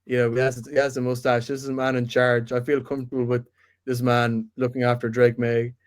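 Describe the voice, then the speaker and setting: A man co-hosting a casual sports chat, talking in halting bursts full of restarts and banter. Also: mid-range voice, completely flat delivery. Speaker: podcast co-host.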